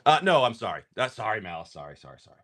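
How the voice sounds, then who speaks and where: A man's voice: on the low side, big pitch swings, very fast, fairly bright tone. A man hosting a live card-selling stream, chatting casually and telling a rambling, joking story. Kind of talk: casual chat.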